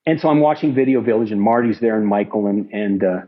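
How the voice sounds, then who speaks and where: Husky middle-aged man telling rambling stories. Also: fairly low pitch, fast talker, highs cut off. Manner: rambling, lots of restarts and asides. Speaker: film crew key grip, interviewee. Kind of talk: anecdotal storytelling.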